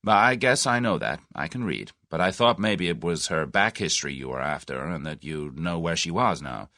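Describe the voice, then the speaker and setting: A man voicing a blunt, forceful American man in his thirties, with an American accent. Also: deep voice, expressive, normal speed, no echo, studio quality, full character voice.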